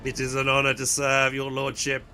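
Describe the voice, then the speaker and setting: A man voicing a female cyborg communications officer in a flat, mechanical robotic voice while reading a game aloud. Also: mid-range voice, normal speed, soft background music, lightly acted. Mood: dutiful.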